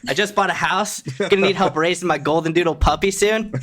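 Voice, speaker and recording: A man with a notably high voice for a man, joking and giggling through a casual podcast plug. He keeps it light and playful. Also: a little fast, fairly bright tone. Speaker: podcast co-host.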